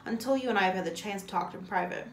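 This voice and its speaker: Woman doing a fierce lawyer, forceful, indignant, echoey room. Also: mid-range voice, quick pace, a little hiss or hum, lightly acted. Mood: firm. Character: fierce, determined female attorney.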